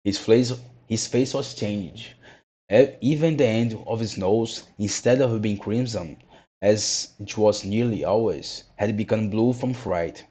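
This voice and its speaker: A man reading a children's classic aloud in a measured, steady way. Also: on the low side, slightly rough. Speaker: narrator. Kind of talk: storybook read-aloud.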